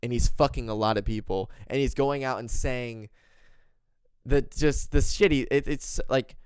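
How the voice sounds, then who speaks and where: A man's voice: mid-range voice, measured pace, smooth, no room sound, clean studio sound. A man hosting a podcast, ranting casually and swearing often. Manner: profane, ranting, animated. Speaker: podcast host.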